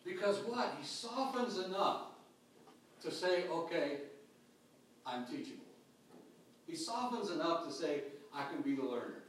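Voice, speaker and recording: A pastor preaching a sermon with dynamic swings between loud calls and hushed, quiet lines. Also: male voice, fairly high pitch, expressive, a little slow, pauses often, distant mic, slight background noise. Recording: echoey hall picked up from afar.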